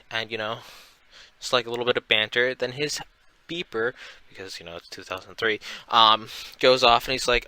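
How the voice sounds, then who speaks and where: A man's voice: medium pitch, bright, forceful tone, clean tone, no echo, rough recording. A young man casually recapping a comic book, rambling along with plenty of fillers. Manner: rambling, filler-heavy retelling.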